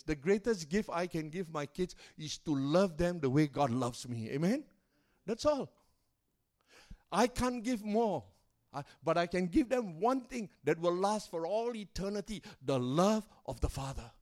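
High-voiced pastor preaching dramatically. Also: male voice, lively intonation, unhurried. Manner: dramatic storytelling with rising and falling loudness and pace; calls out to the congregation for response. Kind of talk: sermon storytelling. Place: church service.

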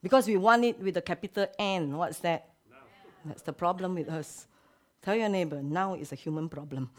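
A woman pastor preaching a sermon. She drops to hushed whispers, then rises to loud exclamations. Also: on the low side, moderate pace.

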